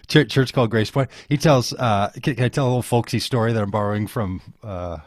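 A man with a lowish voice talks as an interview guest. He rambles, circles back and restarts his sentences in a folksy pastor's way. The sound is close and dry. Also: brisk, dry recording. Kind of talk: casual conversation.

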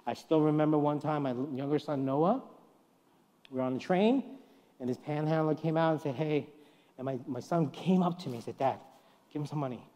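A middle-aged man preaches in a church, his voice a little high for a man. He tells personal stories, acts out the people he quotes, and swings between hushed and loud. A long reverb from the hall hangs on every line. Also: normal speed. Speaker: guest preacher. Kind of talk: sermon.

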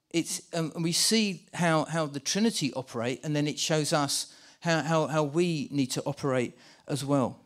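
A man preaching a sermon in church, animated and full of restarts as he directs volunteers acting out a scene for the congregation. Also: a little high, normal speed, hardly any pauses. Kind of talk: sermon with live volunteer re-enactment.

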